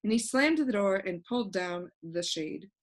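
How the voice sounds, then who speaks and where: A woman narrating a children's storybook in a clear, even, gently paced reading. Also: medium pitch, normal speed. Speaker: audiobook reader.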